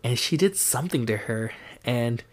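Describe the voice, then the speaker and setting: A man's voice: mid-range voice, animated, moderate pace. A young man co-hosting a podcast, telling exasperated stories about his daughter in casual chat. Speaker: podcast co-host.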